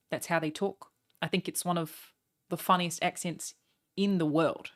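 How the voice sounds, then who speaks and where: Bright-voiced young woman streamer, joking. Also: lowish voice, steady tone. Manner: chatty, joking and self-mocking, quick asides. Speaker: streamer reacting to a broadcast. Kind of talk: casual live-stream chat.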